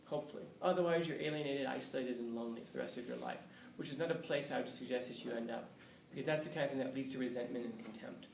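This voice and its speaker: A man's voice: medium pitch, quick pace, gravelly. A male college professor telling a candid, conversational story to his class, swearing and chuckling now and then. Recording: roomy, distant, faint background hiss.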